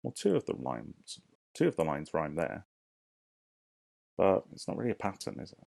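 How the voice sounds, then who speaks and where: A man teaching young children in a recorded online lesson. He speaks slowly, asks questions and counts syllables aloud. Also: deep voice, big pitch swings, creaky, mellow, no room sound. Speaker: primary school teacher.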